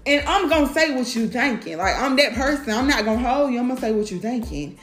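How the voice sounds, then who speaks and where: Outspoken woman cussing thru her opinions, kinda high voice, roomy echo, faint music behind. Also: animated, quick pace. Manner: blunt, profane, outspoken. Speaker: vlogger. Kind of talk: candid monologue. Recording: echoey room.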